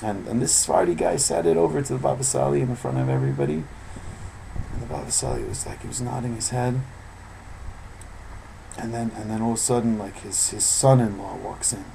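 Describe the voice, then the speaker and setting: Man teaching a Torah class; gravelly, dark voice, lively storytelling that jumps loud on quotes. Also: fairly low pitch, brisk, long pauses, a little hiss or hum, low-quality recording. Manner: animated storytelling, rising loud when acting out quotes. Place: room at an evening class.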